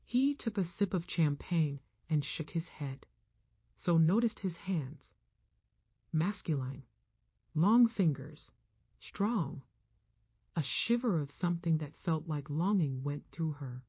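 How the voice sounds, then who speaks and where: A woman reading an audiobook as narrator, in a measured, even manner. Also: sits low, breathy edge, dry recording. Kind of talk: scripted narration. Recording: dull, muffled dry sound.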